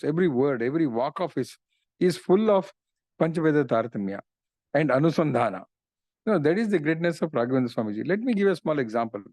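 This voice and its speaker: A middle-aged man speaks in a fairly high voice as he retells devotional stories. His tone is earnest and his delivery loose, full of "you know"s. The sound is dry and close. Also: a little mellow, no room sound. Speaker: speaker on religious philosophy. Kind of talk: devotional storytelling talk.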